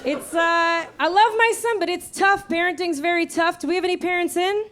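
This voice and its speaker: A high-pitched woman in her thirties delivers a wry, punchy stand-up set into a handheld stage mic. Loud audience laughter and clicks fill the space behind her. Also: steady tone, very noisy. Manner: wry, punchy storytelling with quick character voices. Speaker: stand-up comedian. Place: comedy show before a laughing audience.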